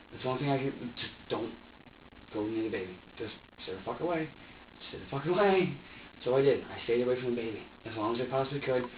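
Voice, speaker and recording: A man's voice: medium pitch, a little hiss or hum. A young man being questioned by police, talking in an agitated, profane rush with stammered repeats. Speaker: suspect under police questioning. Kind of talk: interrogation statement. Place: interrogation room. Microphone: distant security camera mic. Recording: roomy, distant, dull lo-fi security footage.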